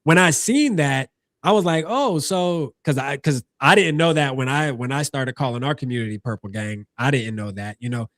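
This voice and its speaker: A man hosting a casual sports podcast, animated and quick to give shout-outs, often repeating himself. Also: mid-range voice, no room sound. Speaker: podcast host.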